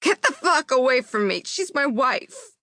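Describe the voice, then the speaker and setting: A woman voicing an anguished husband shouting through a locked door. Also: sits high, sing-song, slow pace, dry recording, studio quality, voice pushed up, heavily acted. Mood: desperate. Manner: desperate yelling from outside.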